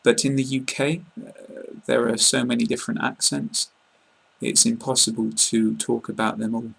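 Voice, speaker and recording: A man with a southern English received-pronunciation accent, explaining pronunciation in an online lesson, calm and plain, pausing often with fillers. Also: medium pitch, gravelly, husky. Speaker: English teacher.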